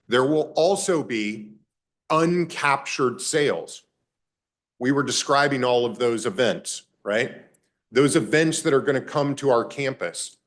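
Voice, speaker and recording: A man at an average pitch presents a project to county officials in a government meeting chamber. He speaks formally and stacks his points in repeated lists, running through revenue figures one by one.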